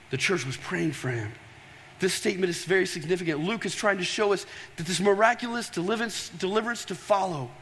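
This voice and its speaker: A high-voiced man preaching with animated storytelling, often pausing to throw questions to the congregation. His voice carries a long reverberant tail from a large church hall. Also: a little hiss or hum. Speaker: pastor. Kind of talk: sermon.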